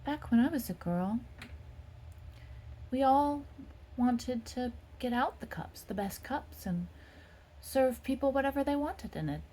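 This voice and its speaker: A woman's voice: high voice, animated, unhurried, pauses often, dark tone, pitched above the performer's own voice. A woman voicing a nostalgic older woman who grew up on a farm, speaking in a wistful, reminiscing way.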